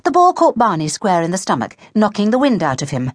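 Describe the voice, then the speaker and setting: A woman reads a children's novel aloud with animated, expressive storytelling. Her pitch moves a great deal. The studio sound is close and dry. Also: fairly quick, no room sound. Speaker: audiobook narrator. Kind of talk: children's audiobook narration.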